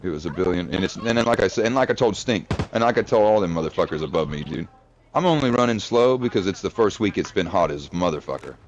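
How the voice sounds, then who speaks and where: Deep-voiced profane rambling man. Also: lively intonation, fast talker, slight background noise. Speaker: former infantry soldier. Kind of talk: casual chat. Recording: dull lo-fi recording.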